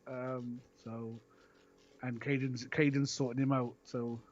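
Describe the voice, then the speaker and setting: A man's voice: mid-range voice, little pitch movement, slow, highs cut off. A man with a Cornish accent chatting casually on a stream, hesitant and repeating his words. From Cornwall, England. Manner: hesitant, repeats words, calls others "my flower". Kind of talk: casual chat.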